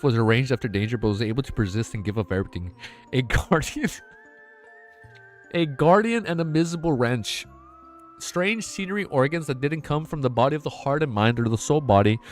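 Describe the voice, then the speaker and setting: Male streamer reading a novel live, emotional and slangy, trips over words, faint music underneath. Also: mid-range voice. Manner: emotional, stumbling over words, laughing at own misreads; casual, slangy, says man and dude a lot. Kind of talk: live-stream read-aloud with chat.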